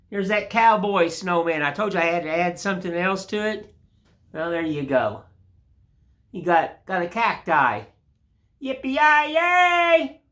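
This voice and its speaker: A man's voice: on the high side, a bit bright. An older man hosting a woodcarving channel, chatting in a rambling, folksy way while he shows his work. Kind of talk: casual tutorial chat.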